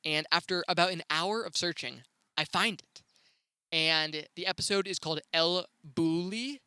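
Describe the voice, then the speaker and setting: A young man hosting his own show, telling stories in a laid-back, chatty way with sudden excited rises. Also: a little high, moderate pace, smooth, no echo. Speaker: podcast host. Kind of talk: casual solo storytelling.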